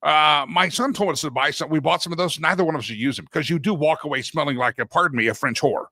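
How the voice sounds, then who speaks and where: A man's voice: on the high side, fast, bright, forceful tone, dry recording. A middle-aged man from Texas hosting a talk show, rambling and joking in casual chat. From Deep East Texas. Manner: rambling, joking, self-interrupting.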